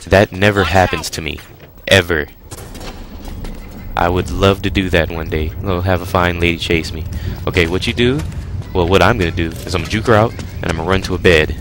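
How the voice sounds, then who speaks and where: Crude, joking man with a deep voice. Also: steady tone, fairly quick. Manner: crude, joking, talks back to the game. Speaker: gaming commentator. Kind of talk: casual walkthrough commentary. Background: game music.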